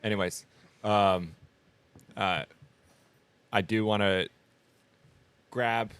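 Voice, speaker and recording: A man co-hosting a podcast in a relaxed, joking manner, reading out listener comments and talking about shop plans. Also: fairly low pitch, extremely slow, clear, resonant tone. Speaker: podcast co-host. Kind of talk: casual podcast chat. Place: small machine shop studio.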